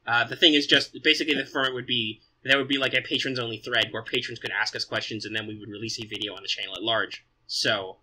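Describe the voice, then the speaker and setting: A man's voice: medium pitch, steady tone, quick pace, hardly any pauses, bright, forceful tone, slight background noise, poor audio. A man co-hosting a casual podcast, explaining channel plans at length in an upbeat way. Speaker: podcast co-host. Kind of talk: casual chat.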